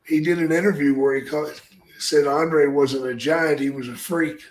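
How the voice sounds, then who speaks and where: Speaking in a steady, fairly high voice, this older former wrestler trades drawn-out, profanity-heavy anecdotes while guesting on an interview. He's blunt throughout, and the room adds a noticeable echo.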